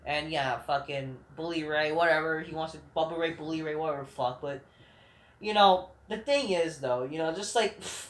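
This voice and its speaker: A man's voice: on the high side, moderate pace, fairly bright tone. A man hosting a vlog, delivering a rambling, heated, profane rant full of restarts. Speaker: vlog host. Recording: roomy echoing room.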